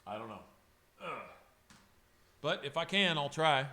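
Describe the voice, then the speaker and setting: On a home-studio livestream, an airbrush artist speaks in a high-leaning, expressive voice that is pushed and bright, taking his time. He rambles and swears, gets emotional, and talks directly to chat members by name.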